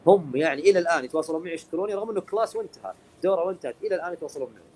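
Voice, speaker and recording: A man's voice: fairly high pitch, expressive, a little mellow, slight background noise, low-quality recording. A man hosting a live online chat, joking and switching between languages, with many filler sounds when he speaks English. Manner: rapid-fire, jokey, hesitant with many uh fillers in English. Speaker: host of a live English practice stream. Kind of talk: bilingual casual live-stream chat.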